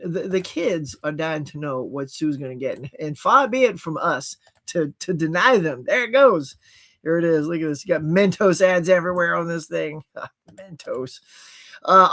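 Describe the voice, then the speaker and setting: A man hosting a casual livestream from his home setup, chatting about new movie releases in an animated way and laughing at himself. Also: fairly high pitch. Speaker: livestream host. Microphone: computer with HD webcam.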